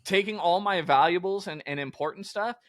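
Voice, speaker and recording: A man's voice: high-pitched, brisk, fairly bright tone, no room sound, clean studio sound. A young man from co-hosting a podcast, telling a story in a laid-back, casual way and often quoting himself. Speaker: podcast co-host.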